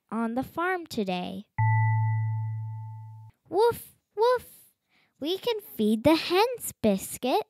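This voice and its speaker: Woman reading a kids book aloud, high lively sing-song, slow and dry. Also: no room sound. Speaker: storybook reader.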